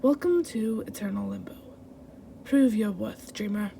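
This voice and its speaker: A woman voicing a menacing shadowy female spirit with a put-on Russian accent, taunting in a low, hushed whispered role-play. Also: unhurried, gravelly, a little hiss or hum.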